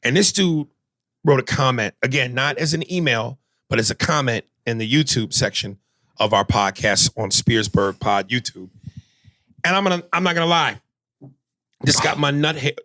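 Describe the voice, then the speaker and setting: A man hosting a comedy podcast, brash and profane, talking in an animated comic way. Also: medium pitch, moderate pace, dry recording. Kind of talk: casual comedy podcast chat.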